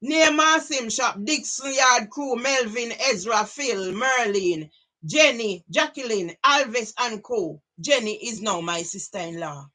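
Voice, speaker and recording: A middle-aged woman with a Jamaican accent talks straight to her audience in a loose, rambling monologue. Her voice is bright and forceful, and she drifts freely between English and patois. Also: fairly high pitch, lively intonation, unhurried. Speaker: vlogger.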